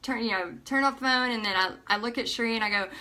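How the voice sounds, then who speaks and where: Woman near 40, bright tone, emotional storytelling vlog, acts out quotes. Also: on the high side, fast talker. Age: almost 40. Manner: emotional, animated retelling with acted-out quotes. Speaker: paint party instructor. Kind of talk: personal storytelling to camera.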